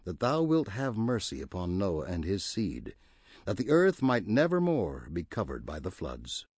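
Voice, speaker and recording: A man's voice: low voice, wildly swooping pitch, a little slow, a little mellow, breathy edge, no echo, heavily acted. A man reading the words of a sorrowful male prophet who pleads earnestly with his God. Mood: pleading.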